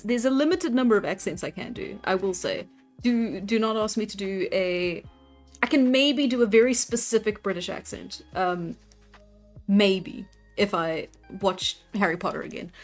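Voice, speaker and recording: A woman hosting a casual livestream, chatting in a rambling way with lots of fillers and frequent giggles. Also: mid-range voice. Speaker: livestream host. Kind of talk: casual livestream chat while drawing. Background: faint background music.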